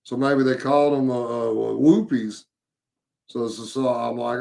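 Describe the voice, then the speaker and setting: A man, casually recounting a paranormal investigation, halting with many fillers and repeated words. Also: mid-range voice, level tone, gravelly, darkish tone. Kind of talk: casual storytelling chat.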